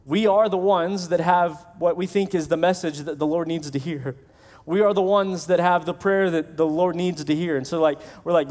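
A man's voice: a little high, a little fast, hardly any pauses, a little mellow. A male pastor preaching a sermon in a conversational way, acting out the voices of the people he quotes.

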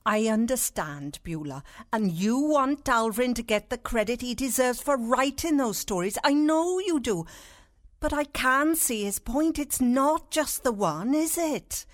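A calm, measured friend. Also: female voice, a little high, no room sound, clean studio sound. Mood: gentle. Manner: measured, gentle. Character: calm, sensible woman, measured. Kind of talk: radio sitcom acting.

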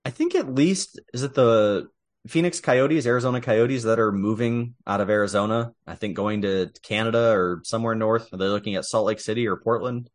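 A man's voice: lowish voice, fairly quick, dry recording. A man co-hosting a podcast, chatting casually and with opinions about sports, laughing easily. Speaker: podcast co-host.

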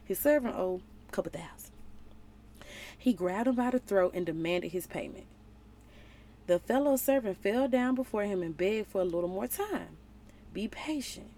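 A young woman leading a casual Bible study, reading scripture aloud and retelling it in playful, slangy, animated asides. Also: mid-range voice, moderate pace. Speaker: relationship vlogger.

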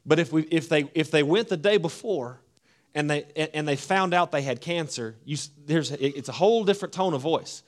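A man delivers a sermon with a somewhat high-pitched voice. He drops into hushed, low phrases, then rises to loud, emphatic declarations. His voice is expressive and dramatic. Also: fairly quick. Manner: preaching with wide swings between hushed and loud, acting out voices. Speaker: pastor.

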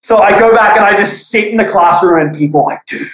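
A young man casually telling a profane school story on a podcast, animated, acting out the people he quotes. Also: sits high, fast talker. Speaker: podcast guest. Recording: echoey room.

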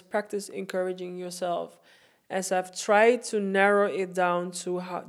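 A woman hosting her own motivational podcast, recording herself and speaking in an earnest, heartfelt way, repeating phrases for emphasis. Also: mid-range voice. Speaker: podcast host. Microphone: self-recorded.

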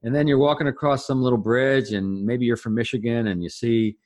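A man speaking as an interview guest, giving conversational advice through folksy, animated examples. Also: mid-range voice, fairly quick, dry recording, studio quality. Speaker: interview guest, referral coach.

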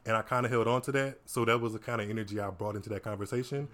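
A young man, telling personal stories as a podcast guest in a casual, animated way. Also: on the low side, rapid-fire. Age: 20s. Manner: animated, laughing storyteller. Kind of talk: casual chat, storytelling.

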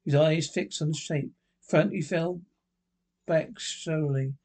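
A man's voice: a little high, a little mellow, husky. A man reading a ghost story aloud, stumbling over words and restarting lines as he goes. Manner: halting reading with misreads and restarts. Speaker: narrator.

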